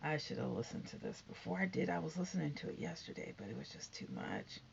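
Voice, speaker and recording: A middle-aged woman giving chatty, sassy gossip commentary, sometimes dropping to hushed asides. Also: deep voice, expressive, fast, creaky, highs cut off, a little hiss or hum. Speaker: commentary vlogger.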